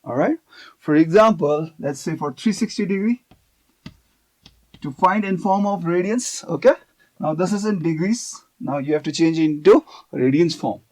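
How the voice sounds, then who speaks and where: Man, math teacher, fairly high voice, patient step-by-step explaining, keeps checking in. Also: moderate pace, a little mellow. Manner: explanatory, checks in with "okay" often. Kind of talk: video math lesson.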